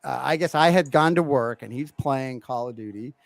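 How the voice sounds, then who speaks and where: A man's voice: mid-range voice, normal speed, vocal fry, dry recording. A middle-aged man co-hosting a podcast, telling a family story in casual chat and acting out his kids' voices. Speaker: podcast co-host.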